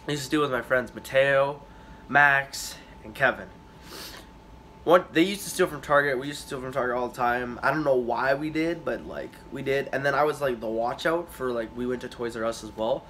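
A young man rambles through a story for his vlog, swearing freely and losing his thread. His voice is bright and forward, with a faint hiss of noise underneath. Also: mid-range voice. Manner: rambling, profane, halting with many fillers. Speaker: vlogger.

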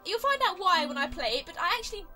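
A woman's voice: very high-pitched, sing-song, quick pace, pushed and bright, faint music behind, rough recording. A young British woman hosting a let's play, chatty and giggly, rambling through casual gameplay commentary. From Britain.

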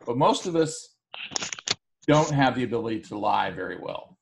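A man teaching a recorded class lecture, explaining in a relaxed, conversational way with frequent fillers and restarts. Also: medium pitch, normal speed, gravelly.

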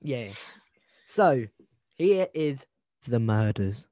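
A man's voice: medium pitch, animated, very slow, mellow, dry recording, studio quality. A man hosting a casual podcast over a video call, retelling a true-crime case in a joking, rambling way with many restarts. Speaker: podcast host.

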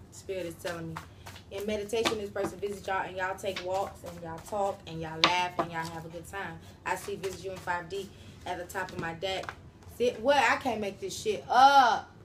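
A woman's voice: medium pitch, fairly bright tone, a little hiss or hum. Slangy, blunt woman tarot reader. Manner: slangy, profane, talks straight to the viewers. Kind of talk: casual tarot reading to viewers.

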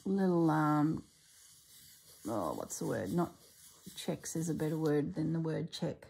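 A woman's voice: low-pitched, animated, unhurried, creaky, pauses often, mellow, a little hiss or hum. A woman chatting casually as she reviews a craft book, exclaiming and thinking aloud, often trailing off mid-sentence.

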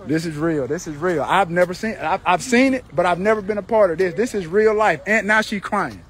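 A man's voice: high-pitched, brisk, fairly bright tone. A man filming a street confrontation on his phone outdoors, talking indignantly and in disbelief, repeating himself. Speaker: person filming a street dispute. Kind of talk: heated street confrontation and vlog commentary. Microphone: handheld phone camera.

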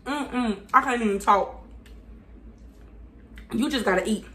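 Slow-talking woman tasting hot nuggets. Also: on the high side, a bit bright. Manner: chatty, addresses viewers as y'all, hums while eating. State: mouth burning from spicy food. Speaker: food review vlogger. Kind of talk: casual food review.

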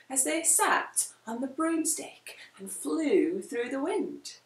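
A woman reading a rhyming picture book aloud, very expressive and deliberate. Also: sits high. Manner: slow, very expressive rhymed reading. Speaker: storyteller. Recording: echoey room, far from mic.

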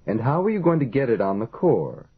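Male reader as a dismissive fire general: husky, low-pitched, lively. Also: moderate pace, heavily acted. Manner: curt, dismissive. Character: proud sarcastic male fire brigade general. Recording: lo-fi phone-like audio.

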